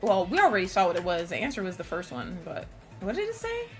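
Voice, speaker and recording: A woman streaming a video game, chatting casually with her viewers, excitable, laughing and shrieking often. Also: medium pitch, fast talker, music in the background. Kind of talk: casual live-stream commentary.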